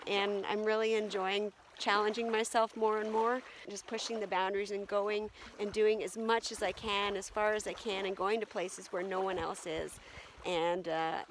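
A woman recording her own outdoor camping vlog beside a lake, with a faint wash of water and wind behind her. Her voice sits at an everyday mid pitch. She talks reflectively, pausing often with ums as she gathers her thoughts. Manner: reflective, many ums and pauses. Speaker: solo camping vlogger.

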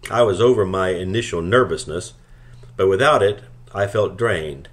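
A man reads a novel aloud in a calm, steady narration. His voice sits fairly low and unhurried, carrying the first-person story plainly. Scripted audiobook reading. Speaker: audiobook reader.

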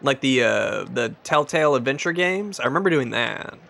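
This young Scot's voice is medium in pitch, creaky, and fairly bright, animated at a moderate pace. He's live-streaming a casino game, bantering jokily with chat as wins and losses come in.

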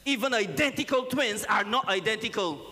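A man, a pastor preaching a lively, joking sermon and calling out to his congregation. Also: high-pitched, fairly quick. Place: church sanctuary. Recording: reverberant church hall.

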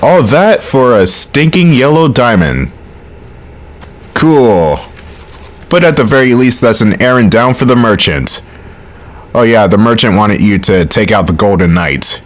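A man's voice: fairly low pitch, expressive. A man commenting on his gameplay in a casual, wry way, swearing often, recording from home. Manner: wry, swears often, quick bursts of frustration. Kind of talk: casual let's play commentary.

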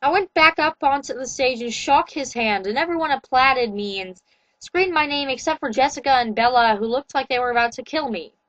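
A woman giving a comedic, deadpan reading of fan fiction, with wry asides. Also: high voice, fairly quick, dry recording, rough recording. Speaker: reader.

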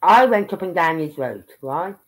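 A woman's voice: fairly low pitch, animated, moderate pace. A woman from England with a Birmingham accent, chatting casually on a livestream and thinking aloud as she goes. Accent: Brummie (Birmingham). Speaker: livestream commentator.

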